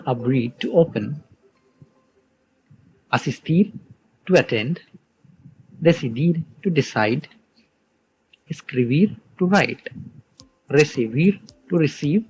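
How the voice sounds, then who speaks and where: A man teaching a Spanish verb lesson online, explaining slowly and patiently, with soft music behind. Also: fairly high pitch, expressive, breathy edge, low-quality recording. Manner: slow, patient explaining with spelled-out letters.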